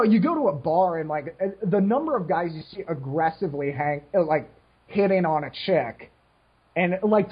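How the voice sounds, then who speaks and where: A man's voice: sits high, slightly rough, highs cut off. A man in his late twenties on a casual podcast, ranting frankly and rambling with lots of restarts, short on sleep. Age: 20s. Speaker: podcast co-host. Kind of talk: casual rant.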